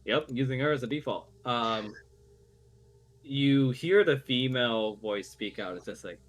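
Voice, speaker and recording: A man narrating as game master on an online call, with a halting delivery full of fillers. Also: medium pitch, lively intonation.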